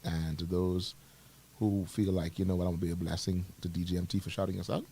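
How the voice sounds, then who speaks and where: A Bahamian man co-hosting a morning radio show in casual chat, teasing and giving jokey shout-outs. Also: low voice, little pitch movement, fast, slightly rough. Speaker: radio co-host. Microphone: studio microphone.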